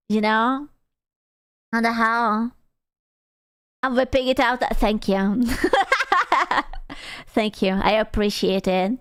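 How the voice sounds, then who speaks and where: High-voiced woman streamer, crude teasing banter. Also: lively intonation, takes it slowly, pauses often, clean tone, no echo, clean studio sound. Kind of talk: casual live-stream chat.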